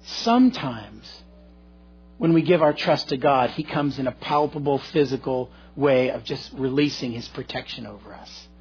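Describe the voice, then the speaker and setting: A middle-aged male pastor preaching a sermon, telling a story earnestly and swinging between loud and hushed delivery. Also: medium pitch, animated, normal speed, husky, faint music behind. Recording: dull lo-fi recording.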